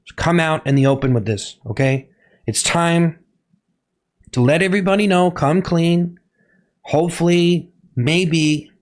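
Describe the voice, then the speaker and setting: A man at medium pitch performs a melodramatic mock confession on a live stream in a comic persona. He halts, repeats himself, and repeatedly tells his chat to be quiet.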